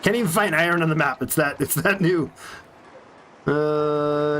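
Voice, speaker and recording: A man's voice: fairly high pitch, unhurried, fairly bright tone, a little hiss or hum. A man casually commenting on his strategy game as he plays, chatty and thinking aloud with little jokes to himself. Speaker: let's play streamer.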